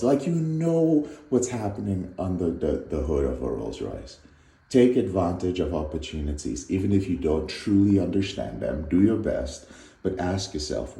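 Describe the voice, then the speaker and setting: Deep-voiced man giving a motivational talk. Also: moderate pace, gravelly. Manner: earnest, animated, storytelling. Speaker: recovery coach. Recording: echoey room.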